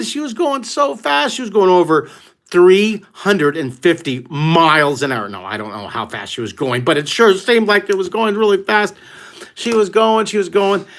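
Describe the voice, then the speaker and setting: A middle-aged American man leading a live online drawing lesson for kids, telling stories with excited whoops. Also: sits high. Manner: exuberant, exclamatory storyteller who whoops often. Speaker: art teacher hosting a live drawing class.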